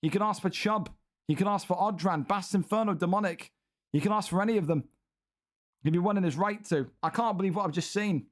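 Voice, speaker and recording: A young man commentates online game fights in a fairly high voice. He talks bluntly and swears freely, ranting in exasperation at the fighters' decisions. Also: brisk. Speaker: commentator and league host. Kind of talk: excitable esports fight commentary.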